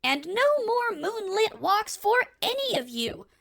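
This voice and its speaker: A whiny, spoiled young princess squeals at a very high pitch with a gravelly, crackling edge. She drags out her complaints slowly and indignantly. The sound is dry and close, with no room around it. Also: big pitch swings, fairly bright tone, no echo, heavily acted. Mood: scolding. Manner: shrill and indignant. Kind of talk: audiobook character acting.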